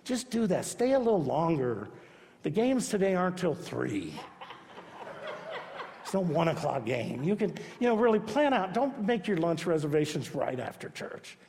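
In a church sanctuary, a pastor whose voice sits a little high for a man preaches a sermon in a sing-song cadence at a moderate pace. He emphatically swings between loud, hard-pressing urging and soft, hushed repetition, and the sound rings with a long hall echo.

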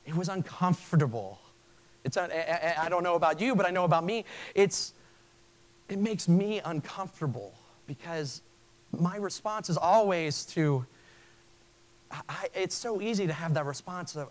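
A man's voice: on the high side, normal speed, low-quality recording. A male pastor preaching a sermon in an earnest way, often stopping and restarting his phrases. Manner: earnest, with frequent stammered restarts.

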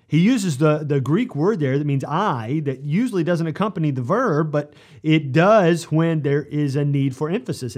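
A middle-aged man preaching a verse-by-verse sermon, reading scripture aloud in a measured way and then explaining it. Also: medium pitch, darkish tone.

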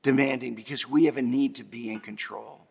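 A man's voice: mid-range voice, fairly even intonation, brisk, gravelly, husky. A man preaching a sermon as pastor, building emphasis through repeated phrases and rhetorical questions. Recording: long hall reverb.

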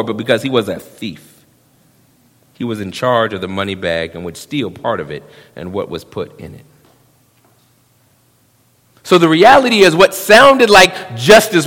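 Pastor preaching in a big echoey hall. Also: male voice, a little high. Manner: animated preaching, swinging between hushed and loud; drops into quick voiced quotes of young men. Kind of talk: sermon. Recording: long reverb of a church hall.

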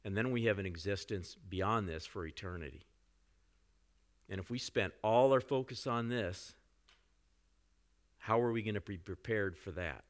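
A pastor preaching a sermon in a conversational way, with frequent asides to the congregation. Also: male voice, on the low side, moderate pace, long pauses.

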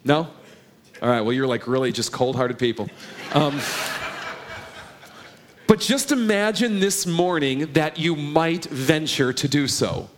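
A man's voice: fairly high pitch, animated, a little slow, long pauses. Earnest man preaching a sermon. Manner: earnest, conversational preaching with rhetorical questions. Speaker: pastor.

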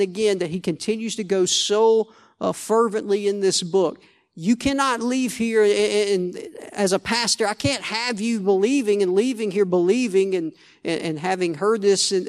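A male pastor preaching a sermon, conversational, restarting phrases and asking the congregation "Amen?". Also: high-pitched.

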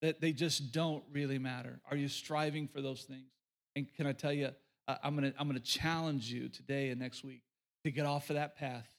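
A man's voice: mid-range voice, fairly even intonation, normal speed, gravelly. A middle-aged man from rural Oklahoma preaching a sermon, emphatic and folksy, repeating his key lines for the congregation. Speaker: pastor.

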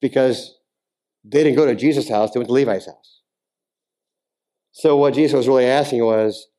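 A mid-range-voiced pastor speaks at normal speed in a church sanctuary, moving from relaxed conversation with the congregation to forceful, almost shouted appeals.

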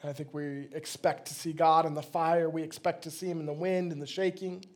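A man's voice: fairly high pitch, little pitch movement, a little fast, a little mellow. A man, a pastor, delivering a sermon in a conversational, plain-spoken way.

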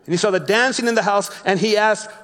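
A man preaching a sermon, reading a Bible story slowly and explaining it in his own words with frequent restarts. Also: high voice, a bit bright, long reverb tail. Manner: reads scripture slowly, then explains with repeated restarts. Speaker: pastor.

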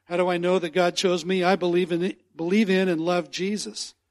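A male pastor with a fairly high voice delivers a sermon. He speaks earnestly and with emphasis, circling back to repeat his key phrases. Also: flat delivery, a little fast.

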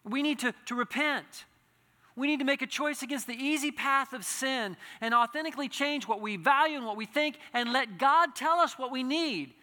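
Bright-voiced man preaching in an echoing hall. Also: very high voice, normal speed. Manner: earnest, builds to impassioned pleading, many restarts. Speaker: pastor. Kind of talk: sermon. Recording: reverberant hall.

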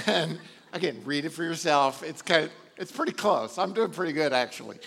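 A man's voice: on the high side, expressive, moderate pace, creaky, fairly bright tone, husky. A man preaching a sermon, retelling a Bible story casually with chuckles and asides. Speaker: pastor.

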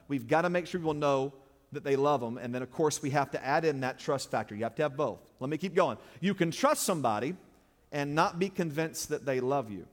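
A high-voiced male preacher delivers an emphatic sermon, swelling louder on his key points and calling out to the congregation. His voice rings with the long reverb of a church sanctuary. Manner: emphatic, call-and-response, surges louder and higher on key points.

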